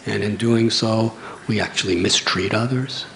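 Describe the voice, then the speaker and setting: A man's voice: on the low side, normal speed, gravelly, a bit bright, slight background noise. A man, telling a story in a sermon with dramatic swells. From United States. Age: 60s. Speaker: monk preacher.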